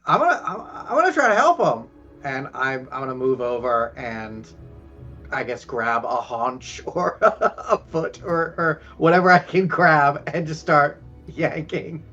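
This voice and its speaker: A man's voice: fairly high pitch, expressive, a little slow, pushed and bright, highs cut off, faint music behind. A man playing a tabletop game, talking hesitantly with stammers. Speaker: player. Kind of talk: casual tabletop play.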